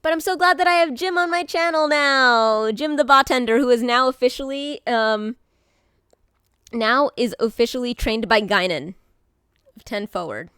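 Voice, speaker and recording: A woman streaming live, talking casually to her chat in a rambling way, with many fillers and restarts and bubbly bursts of excitement. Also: on the high side, normal speed, clear, resonant tone, dry recording, clean studio sound.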